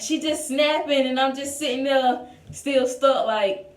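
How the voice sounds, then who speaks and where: In a casual storytime vlog, a young woman chats through a personal story, full of "like" and "y'all." Her high voice comes at normal speed, a bit off-mic and distant in an echoey room.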